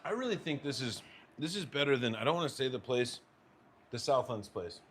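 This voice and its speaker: A man's voice: medium pitch, animated, fairly quick, slight background noise. A young man from the United States chatting casually while plating food in his home kitchen, talking to his partner and viewers. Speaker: cooking vlogger. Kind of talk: casual cooking vlog.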